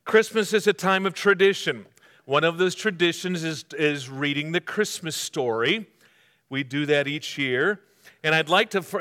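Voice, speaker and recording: A male pastor with a bright, forceful voice delivers a sermon, stopping often to have listeners underline words and tossing out questions he answers himself. His tone is smooth and resonant, a touch above the usual male pitch, and the sound rings with the long reverb of a large hall. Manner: interactive, asks the congregation to mark their notes; poses quiz questions and answers them himself.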